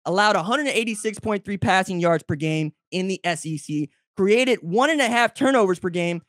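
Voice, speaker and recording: A man hosting a college football show, giving brash, teasing commentary straight to his audience and jumping high and loud when he gets excited. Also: no echo, studio quality. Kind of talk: opinionated sports commentary to camera.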